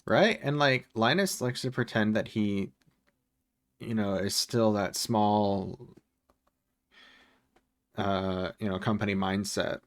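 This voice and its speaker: A man's voice: lowish voice, slow pace, long pauses, no echo, studio quality. A man streaming from home, chatting casually and rambling, with frequent swearing and chuckles. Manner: rambling, profane, chuckles often. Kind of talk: casual livestream chat.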